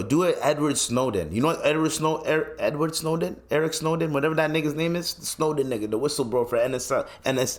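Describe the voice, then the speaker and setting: A man hosting his own podcast, ranting loosely and swearing freely, with lots of restarts. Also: a little high. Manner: loose and rambling, with many restarts. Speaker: podcast host. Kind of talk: solo podcast rant.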